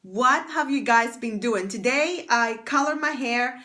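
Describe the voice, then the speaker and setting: A woman speaks at a measured pace in a fairly high, pushed and bright voice. She's hosting a casual livestream as a fashion stylist and confidence coach, bubbly and chatty, naming viewers as she thanks them over an external mic on her phone.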